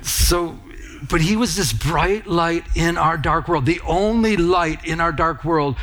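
A man's voice: a little high, measured pace, a bit bright. A middle-aged man preaching a sermon as pastor, telling personal stories in an earnest, conversational way.

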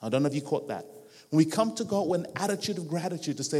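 Man preaching with a raised pitch in a reverberant hall. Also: lively intonation, quick pace, a little mellow, husky. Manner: rhythmic repetition, acts out quoted voices. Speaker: guest preacher. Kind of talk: sermon. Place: church hall with a live band.

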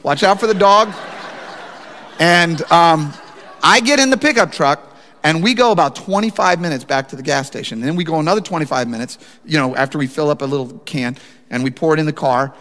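A man with a fairly high voice preaches a sermon in a church sanctuary. He tells a personal story with animated energy and often speaks directly to his listeners. His voice rings out with a long reverb from the big room. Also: fairly quick. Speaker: pastor.

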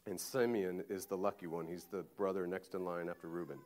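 A male pastor preaching conversationally, acting out Bible voices with lively emphasis. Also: sits low, brisk, hardly any pauses. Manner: animated, conversational, acts out quotes. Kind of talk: sermon.

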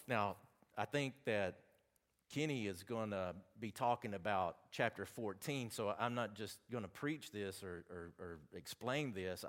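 A man with a somewhat low voice and a Southern accent delivers a sermon. Between scripture readings, he turns to the congregation with lively, folksy remarks.

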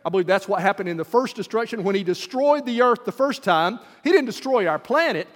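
A man's voice: sits high, expressive, a little fast, long reverb tail. A man preaching a sermon in an emphatic style that rises to fervor.

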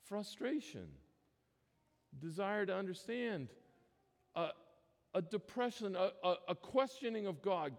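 A pastor delivers a sermon in a high, sing-song, unhurried voice, earnest and emphatic, frequently starting his phrases over. He's in a church sanctuary, and the recording carries a long church reverb.

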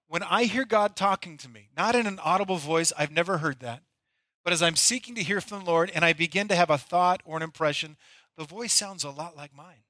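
A man's voice: fairly high pitch, pushed and bright, dry recording. A middle-aged male pastor delivering a conversational, storytelling sermon.

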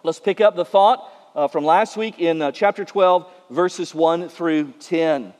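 High male pastor, conversational sermon, lots of uhs; long church-hall reverb. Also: a little slow, darkish tone. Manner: conversational preaching with frequent filler uhs.

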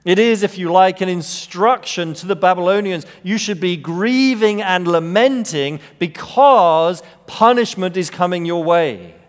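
Slow, emphatic preacher in a reverberant hall. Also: male voice, fairly high pitch. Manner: measured, emphatic delivery with dramatic rises and hushed drops. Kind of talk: expository sermon. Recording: long reverb of a large hall.

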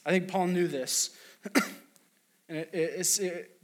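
A man's voice: high-pitched, steady tone, unhurried. Conversational man preaching a sermon. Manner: conversational, storytelling with acted quotes and restarts. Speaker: pastor.

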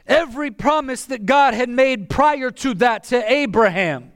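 A man preaching a sermon with passion, often rising to a shout. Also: extremely high pitch, unhurried, no echo. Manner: impassioned, bursts into shouting.

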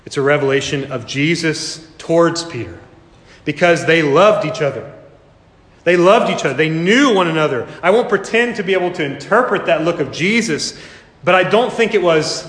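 Earnest preacher in an echoey church. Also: male voice, fairly high pitch, a bit bright. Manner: earnest, with dramatic slow emphasis and repetition. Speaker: pastor. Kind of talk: sermon. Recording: echoey hall reverb.

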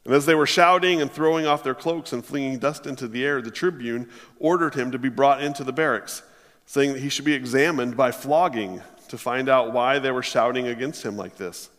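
A man preaching a sermon, reading scripture aloud and then expounding on it with emphatic, drawn-out stresses. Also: mid-range voice, a bit bright, big-room sound.

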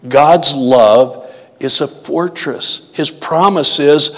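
A man's voice: a little high, slow pace, fairly bright tone. A man preaching a sermon, reading hymns and scripture and asking the congregation questions. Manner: teaching, asks the congregation questions. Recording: long hall reverb.

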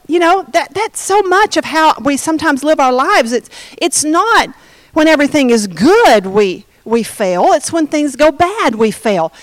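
A woman's voice: sits high, dry recording, rough recording. A woman leading an informal Bible study, chatty and jokey, often breaking off mid-sentence. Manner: chatty, self-interrupting, jokey asides.

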